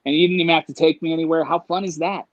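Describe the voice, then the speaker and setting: A man telling a story in casual conversation, animated, acting out voices and laughing as he goes. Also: a little high, very fast, dry recording, dull audio. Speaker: guest.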